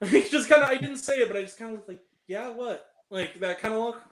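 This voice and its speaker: A woman's voice: fairly high pitch, quick pace, slight background noise. A woman co-hosting a casual chat, telling a story animatedly and laughing often. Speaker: podcast co-host. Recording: roomy echo.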